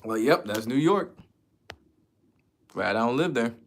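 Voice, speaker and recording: A man's voice: medium pitch, lively intonation, measured pace. A man from the United States chatting casually as a streamer, answering viewer questions in a loose, slangy, profane way. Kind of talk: casual chat.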